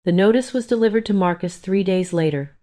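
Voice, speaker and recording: A woman narrating a first-person family story in an even, somber manner. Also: medium pitch, brisk.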